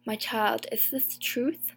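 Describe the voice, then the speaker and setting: A rich and powerful judge questions the court in a cold, commanding way as a woman narrator reads him. The voice stays fairly high and light, with firm, measured words. A storybook reading of authority without warmth. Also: steady tone, gravelly, slightly rough, exaggerated voice. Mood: stern. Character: stern, powerful older male judge. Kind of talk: audiobook reading.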